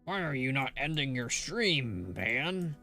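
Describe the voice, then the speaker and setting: A man voicing a raspy old female orc who sounds like a heavy smoker, slow and grumbling. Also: mid-range voice, very animated, pushed and bright, soft background music, heavily acted. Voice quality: raspy, smoky.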